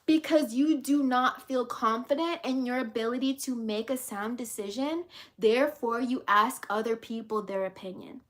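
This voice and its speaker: A woman's voice: on the high side, moderate pace. A woman life coach giving an emphatic motivational monologue, blunt and preachy, swearing freely and acting out the inner voices of her listeners.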